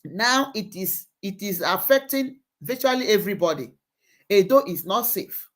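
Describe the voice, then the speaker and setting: A woman's voice: mid-range voice, lively intonation, normal speed. A woman hosting a live online show, giving impassioned commentary and repeating phrases for emphasis.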